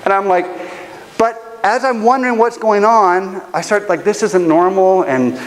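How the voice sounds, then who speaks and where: A man preaching a sermon, telling a personal story in an animated, humorous way. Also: sits high, normal speed, in a large hall, rough recording. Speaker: pastor. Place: church auditorium.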